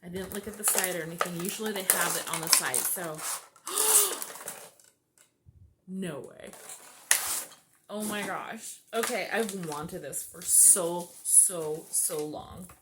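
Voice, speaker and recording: A woman's voice: fairly low pitch, slow pace, pauses often, heavy background noise. A woman vlogger chatting casually as she unboxes birthday gifts, gushing, gasping and laughing often.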